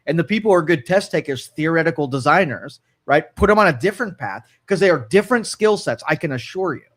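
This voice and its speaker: A man's voice: on the high side, expressive, quick pace, a bit bright. A man co-hosting a radio talk show, opinionated and rambling, with frequent restarts and an Ohio accent. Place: radio studio.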